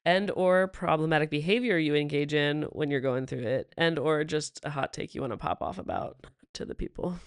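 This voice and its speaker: Young woman podcast host, low-ish smooth voice, swears freely, laughs a lot, casual chat. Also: moderate pace, hardly any pauses, no echo, clean studio sound. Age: young adult. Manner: profane, laughs often, animated.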